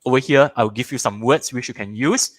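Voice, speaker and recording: A man's voice: mid-range voice, brisk, no room sound. A man in his thirties with a Malaysian English accent teaching a live online parenting workshop, repeating words for emphasis and acting out little scenes in different voices. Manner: animated, acts out little scenes in shifting voices.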